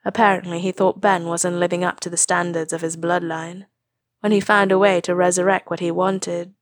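A woman's voice: on the low side, flat delivery, normal speed, no room sound, clean studio sound, lightly acted. A woman voicing a remorseful father brought back to life, who speaks hesitantly with a subdued, bitter edge.

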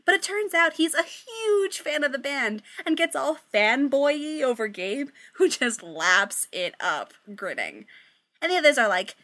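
A woman reads a story aloud, swearing casually and stopping for playful side remarks to her listeners. Her voice is bright and forceful and sits somewhat high for a woman. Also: very animated, measured pace. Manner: chatty, swears, breaks off for joking asides. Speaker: story reader. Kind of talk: reading fan fiction aloud.

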